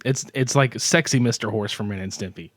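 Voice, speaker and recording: A man co-hosting a podcast in casual chat, loud and joking, laughing often and swearing freely. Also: fairly low pitch, brisk, no room sound. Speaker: podcast co-host.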